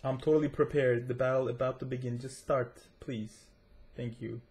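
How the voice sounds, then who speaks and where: A man's voice: mid-range voice, steady tone, normal speed, a little mellow. A man with a self-described accent giving chatty, rambling commentary to his viewers while he plays and tests a game. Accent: non-native accent, self-described. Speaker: gaming tech reviewer. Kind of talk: casual gameplay commentary.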